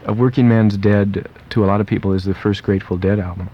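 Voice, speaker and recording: Low-voiced man hosting a lo-fi radio interview. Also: steady tone. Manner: chatty, quick, with fillers and restarts. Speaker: radio disc jockey host. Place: radio studio. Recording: dull lo-fi archival radio tape.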